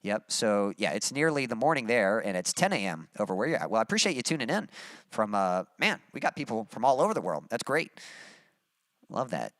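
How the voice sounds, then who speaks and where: A man from Texas with a mild Texas accent, a musician chatting casually on a livestream and reading out his chat, relaxed and rambling with many fillers. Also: fairly low pitch, fairly quick, no echo, clean studio sound. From Texas, USA.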